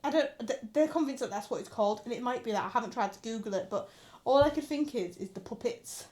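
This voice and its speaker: Young girl chatting, kinda high voice, acts out quotes and swears a lot. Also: fast, darkish tone. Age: 20s. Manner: storytelling with acted-out quotes, frequent swearing. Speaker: podcast co-host. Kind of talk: casual chat.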